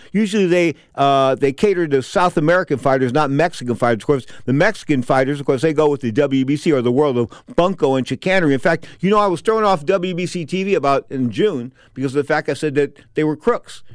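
A man's voice: a little high, dry recording. A middle-aged man hosting a boxing talk show from a studio, blunt and sarcastic as he rants in opinionated sports talk.

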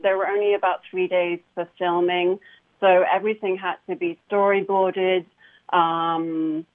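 A woman who acts, talking about her work in a casual interview, enthusiastic and full of fillers and restarts. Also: lowish voice. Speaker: actor guest. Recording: phone line.

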